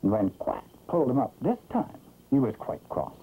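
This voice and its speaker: A man narrating a children's cartoon storybook-style, gentle and animated. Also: mid-range voice, moderate pace, slightly rough. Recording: muffled, hissy 1960s film soundtrack.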